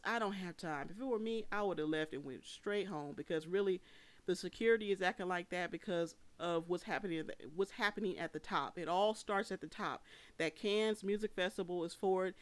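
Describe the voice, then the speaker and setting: An emphatic vlogger talks through opinions in casual commentary, circling back and repeating phrases to press a point. The voice comes across smooth and clear. The sound is dry and close, with no room around it. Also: mid-range voice, normal speed, no room sound.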